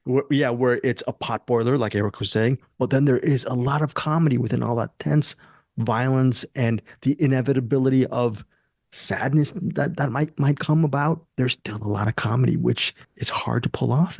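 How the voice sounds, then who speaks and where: A man's voice: mid-range voice, normal speed, creaky, darkish tone, dry recording, studio quality. A man hosting a casual movie review podcast, talking enthusiastically and rambling with restarts. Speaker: podcast host.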